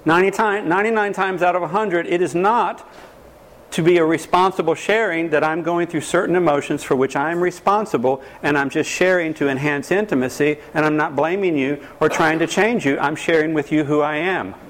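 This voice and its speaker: A man's voice: on the high side, fairly quick. A man speaking as a counselor, lecturing an audience, acting out quoted voices and putting questions to the listeners. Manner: animated, acts out quoted voices, quizzes the audience.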